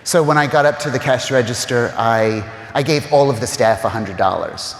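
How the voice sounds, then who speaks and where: A man's voice: mid-range voice, moderate pace. Heartfelt man with fillers, echoing hall. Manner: heartfelt, choked up at times, many "you know" fillers. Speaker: interview guest, real estate agent. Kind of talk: emotional conversational storytelling. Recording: roomy reverberant hall.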